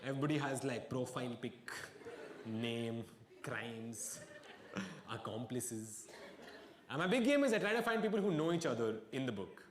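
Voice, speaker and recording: A man's voice: medium pitch, animated, normal speed, echoey room. A male stand-up comedian telling a story in a dry, self-mocking way at a live comedy venue, with audience laughter.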